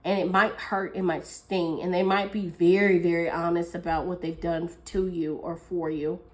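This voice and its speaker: A woman's voice: lowish voice, level tone, moderate pace, darkish tone, low-quality recording. A woman giving a casual tarot reading, chatty and thinking aloud, with fillers and frequent small laughs. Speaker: tarot reader.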